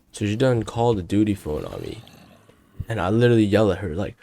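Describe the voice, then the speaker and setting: A man's voice: fairly low pitch, huge pitch swings, brisk, creaky, warm tone. A young man in his late teens, casually telling a story about his school day in a slangy, profane, rambling way. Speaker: student storyteller.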